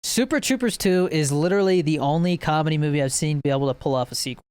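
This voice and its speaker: A fast-talking young man with a high, slightly mellow, clean voice co-hosts a casual podcast among friends. He rambles about films, laughs a lot, and imitates movie scenes for fun.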